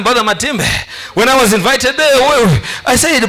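A man with a South African accent preaching a sermon to a church congregation, often shouting and laughing between lines. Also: extremely high pitch, animated, normal speed, hardly any pauses. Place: church hall with an audience.

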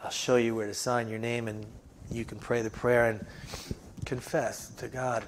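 Gender: man. Role: pastor. Style: sermon. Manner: storytelling, halting fillers, earnest. Pitch: middle. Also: little pitch movement, slight background noise. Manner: storytelling with frequent fillers, softening to an earnest appeal.

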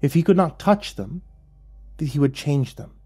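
A man voicing a gentle male angel messenger, speaking softly, solemnly and slowly in a dark, husky voice. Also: on the high side, lively intonation, faint music behind, voice pushed up. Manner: soft, solemn, slow and pleading.

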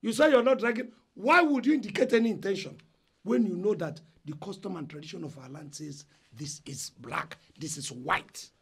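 An actor with a Nigerian accent playing an indignant eldest brother who loudly lectures his family about his inheritance rights. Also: high voice, normal speed, slightly rough, full character voice. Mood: angry. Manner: loud, agitated, lecturing. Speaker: eldest son in a family dispute. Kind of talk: Nollywood film acting.

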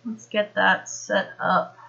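A woman's voice: mid-range voice, level tone, slow, gravelly, bright, forceful tone, dull audio. An American woman giving a casual, rambling history lesson on a live stream, full of fillers and restarts. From United States.

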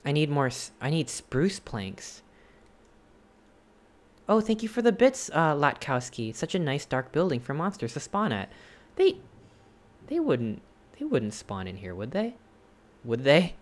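A streamer chatting with viewers while playing a game live, thinking aloud in hesitant questions and gasping in excitement at each new find. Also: mid-range voice, slow pace, pauses often. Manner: excitable, gasping and exclaiming at discoveries.

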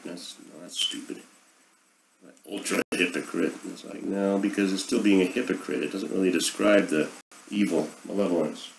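A man's voice: deep voice, creaky, a little hiss or hum, low-quality recording. A middle-aged man hosting a casual monologue, rambling and sarcastic as he airs his opinions. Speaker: podcast host.

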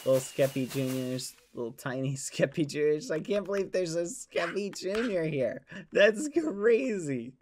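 Here the same sort of young game streamer sounds a little high and animated, speaking at a measured pace with few pauses over a noisy background. Gushing about gifts in his live stream chat, he keeps repeating "aw," laughs a lot, and uses clean substitutes for swear words.

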